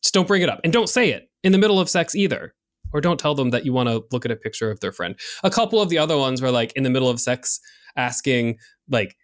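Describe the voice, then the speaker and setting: A man's voice: medium pitch, very animated, fast. Guy cohosting a sex podcast, frank and chatty, lots of ums and likes. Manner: chatty, frank, filler-heavy. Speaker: podcast co-host. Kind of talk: casual chat about sex.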